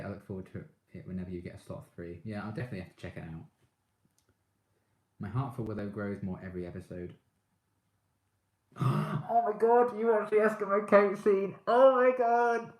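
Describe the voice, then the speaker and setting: A man's voice: deep voice, warm tone, reverberant. A man chatting casually on a live stream, reading out viewer comments and gushing about his favourite shows with frequent laughs.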